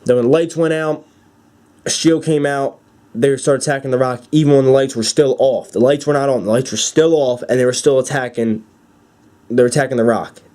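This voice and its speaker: Young man, casual fan vlog, excitable, rambling, lots of fillers, mellow tone, mid-pitched. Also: a little fast. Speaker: wrestling fan vlogger.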